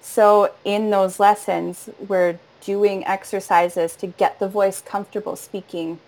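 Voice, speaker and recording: A woman's voice: mid-range voice, level tone, measured pace, poor audio. A woman who teaches voice and narrates audiobooks, talking earnestly in a casual interview and laughing easily. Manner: warm, earnest, laughs often, demonstrates voice registers.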